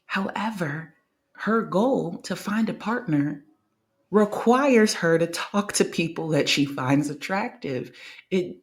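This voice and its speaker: A woman's voice: on the low side, animated, slow. A woman hosting a podcast, giving an emphatic motivational monologue and repeating phrases for effect. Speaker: podcast host.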